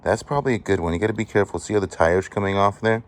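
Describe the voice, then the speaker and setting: Deep-voiced man excitedly sorting finds. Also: racing. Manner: excited, chatty, appraising items aloud. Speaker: vlogger sorting a storage unit find. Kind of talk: casual show-and-tell commentary.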